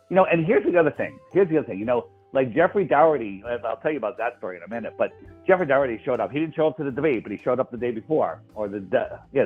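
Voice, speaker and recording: A man tells stories in a lively way, often repeating his words mid-thought. He is heard over a thin, phone-like call line. Faint music plays underneath. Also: medium pitch, breathy edge. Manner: animated storyteller, repeats words. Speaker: guest. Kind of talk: casual chat.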